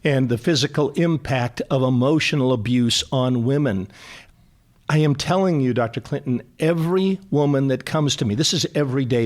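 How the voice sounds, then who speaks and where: Emphatic middle-aged psychologist guest. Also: male voice, medium pitch. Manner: animated, emphatic, repeats for stress. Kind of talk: conversational radio interview.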